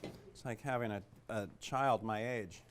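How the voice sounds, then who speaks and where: A man's voice: on the low side, measured pace, a little hiss or hum. A man teaching a cooking class in a kitchen, chatty and joking, with lots of fillers. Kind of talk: casual cooking demonstration.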